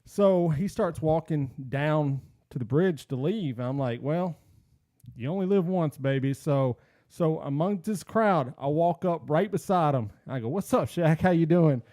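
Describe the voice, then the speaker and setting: A man with a dark, mellow voice tells a story on a podcast in a casual way. He acts out each line people said to him. His voice is recorded dry and close. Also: a little high, unhurried, no room sound. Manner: animated storyteller acting out quotes. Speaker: podcast host.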